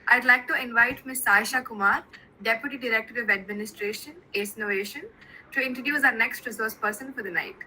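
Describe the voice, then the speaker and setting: A woman's voice: a little high, fairly quick, pushed and bright, poor audio. A woman hosting an online webinar, giving formal thanks and introducing the next speakers. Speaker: webinar host.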